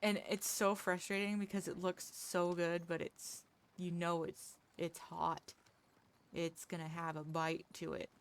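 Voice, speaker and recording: A woman talks loosely with her viewers as she plays. Her voice sits a little low. She rambles, restarts her sentences and laughs easily. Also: level tone, a little slow. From United States. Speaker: livestreamer. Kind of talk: casual chat with viewers while gaming.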